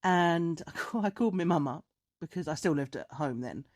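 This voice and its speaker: A woman on a podcast, casually chatting and telling a story with lively, animated delivery. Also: fairly low pitch, moderate pace. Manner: animated storyteller, acts out dialogue in raised voice. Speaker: podcast co-host.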